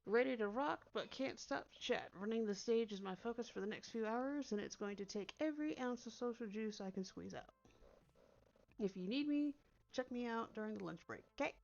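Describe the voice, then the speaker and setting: A woman's voice: fairly high pitch, moderate pace, vocal fry, darkish tone, muffled recording. A woman voicing a flamboyant young male dancer who runs a stage, upbeat and breezy.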